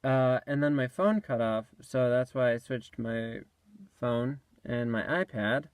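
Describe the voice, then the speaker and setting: A man's voice: mid-range voice, no echo. A young man chatting casually about his voice recording session, rambling with lots of fillers, recorded on a tablet mic in a small clothes-filled closet. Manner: rambling, self-deprecating, lots of fillers and restarts. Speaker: voice actor vlogging a recording session. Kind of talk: casual behind-the-scenes chat. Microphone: tablet's built-in mic.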